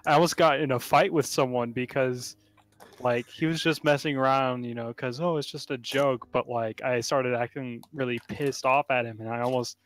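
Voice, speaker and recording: A man's voice: mid-range voice, fairly even intonation, moderate pace, no room sound. Chatty man telling a story. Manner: chatty, lots of "like" fillers. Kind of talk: casual chat.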